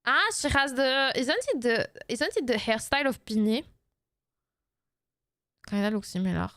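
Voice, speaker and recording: Excitable woman streamer. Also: fairly high pitch, normal speed, dry recording. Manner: excitable, reads game lines aloud, thanks chat. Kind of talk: game reaction stream, reading subtitles aloud.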